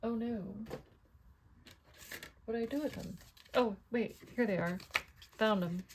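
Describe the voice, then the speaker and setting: A middle-aged woman makes cards while chatting casually, talking to herself and posing questions to her viewers, like a relaxed crafting tutorial. Her voice is a little high and a little slow, with background noise behind it.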